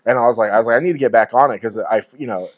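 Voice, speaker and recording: A man in his forties co-hosting a podcast, talking at a quick clip. His chat is loose and profane, full of joking banter with his co-host. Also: medium pitch. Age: 40s. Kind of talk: casual chat.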